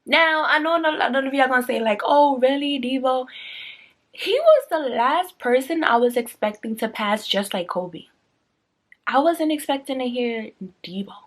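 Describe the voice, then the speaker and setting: A woman vlogger ranting casually to her viewers in a blunt, slangy, chatty way, her pitch jumping up whenever she gets excited. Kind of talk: casual rant to camera.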